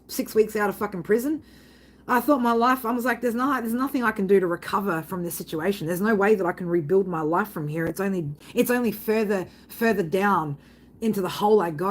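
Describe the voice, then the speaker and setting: A mid-range woman's voice, recorded with poor audio, hosts a live tarot stream in a casual, chatty way. Constant swearing and frequent "right?" questions mark her speech, and reading the chat comments sends her into loud laughter.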